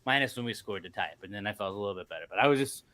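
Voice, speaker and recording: A man's voice: lowish voice, expressive, racing, bright, forceful tone. A man co-hosting a podcast in casual chat, ranting and swearing in exasperation. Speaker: podcast co-host.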